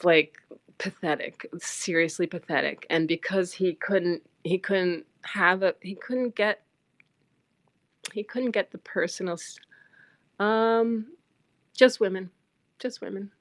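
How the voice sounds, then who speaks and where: Middle-aged new lady, low voice, ranting bluntly about an old boss, dry close sound. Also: measured pace, no echo. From New York. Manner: blunt, animated, emphatic storytelling. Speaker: livestreamer. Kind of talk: casual personal storytelling.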